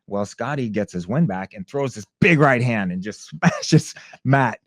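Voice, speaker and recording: A man's voice: mid-range voice, a little slow, no echo, clean studio sound. A man, a former fighter, telling a story as a podcast guest and acting out the voices of the people in it. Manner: lively storyteller who acts out other people's shouts. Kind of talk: animated storytelling in a conversation.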